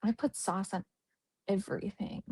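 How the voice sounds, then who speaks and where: A woman's voice: medium pitch, steady tone, normal speed, a little mellow, slightly rough. A woman hosting a true crime livestream, chatting casually with sarcastic jokes.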